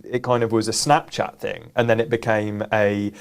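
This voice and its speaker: A man's voice: fairly low pitch, little pitch movement, normal speed, vocal fry, smooth. A man co-hosting a business live show, explaining earnestly and often restarting his words. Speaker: co-host. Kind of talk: casual business chat.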